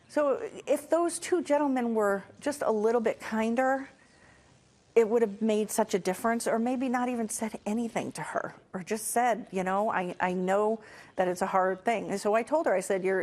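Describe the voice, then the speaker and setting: A woman's voice: mid-range voice, a little mellow. A middle-aged woman hosting a casual motivational talk, telling stories earnestly with fillers and restarts. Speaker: host.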